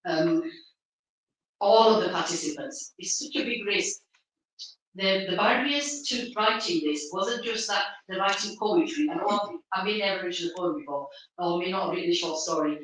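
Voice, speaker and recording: A woman hosting a live community event, speaking to an audience at a venue through a stand microphone, pausing often with fillers and restarts. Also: fairly low pitch, expressive, a bit bright. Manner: halting, with many fillers and restarts. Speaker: event organizer and host. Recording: very echoey hall, mic far off.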